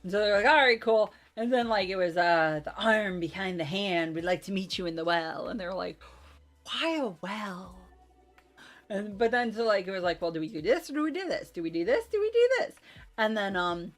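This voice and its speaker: A woman's voice: mid-range voice, moderate pace, faint music behind. A woman in casual chat, recapping a tabletop game session in a rambling, self-deprecating way with lots of fillers.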